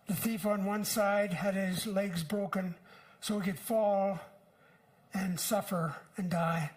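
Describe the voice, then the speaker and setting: An older man delivers a sermon with earnest conviction. His voice sits high for a man, and he preaches at an unhurried pace, pausing often between phrases. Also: poor audio. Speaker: pastor.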